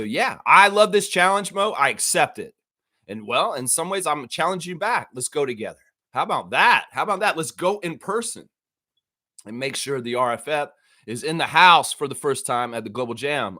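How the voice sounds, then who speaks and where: Man, livestream host, lively swinging pitch, bright tense voice, excitable, swears. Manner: excitable, swears, acts out bits of dialogue. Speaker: host of a daily fan livestream. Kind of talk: casual livestream chat.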